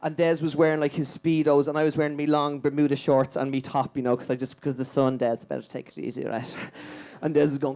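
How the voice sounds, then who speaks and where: A man's voice: fairly high pitch, darkish tone. An Irish man doing live stand-up, telling a story at speed and tagging lines with "right?". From Ireland. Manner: rapid anecdote, tags lines with "right?". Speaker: stand-up comedian. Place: small comedy venue with live audience.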